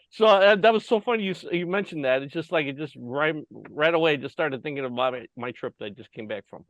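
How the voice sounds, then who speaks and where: A man's voice: fairly high pitch, brisk, no room sound, dull audio. A man from the United States hosting a casual interview over a video call, telling stories with many fillers and frequent laughs. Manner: laughs often, lively storytelling with many fillers. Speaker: host. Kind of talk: casual chat.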